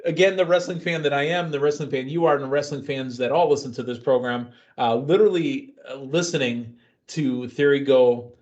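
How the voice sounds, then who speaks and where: A man hosting a casual wrestling podcast, excitable and jokey, telling the story of a show. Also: mid-range voice, brisk. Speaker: podcast host. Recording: dull lo-fi sound.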